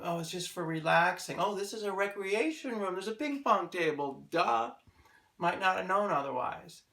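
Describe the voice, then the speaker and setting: An American man who is a real estate agent, explaining a sales tip in an energetic, chatty way and asking himself rhetorical questions. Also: sits high. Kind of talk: promotional explainer video. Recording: echoey room.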